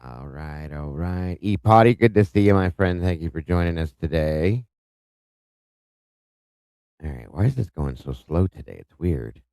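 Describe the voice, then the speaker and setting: A deep-voiced man hosting a live stream, greeting viewers one by one in a chatty, upbeat way. His voice is smooth and clear, recorded close and dry with no room sound. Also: lively intonation, measured pace, no echo. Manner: upbeat, chatty, reads out viewer names warmly with small stumbles. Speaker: host of a live true-crime stream.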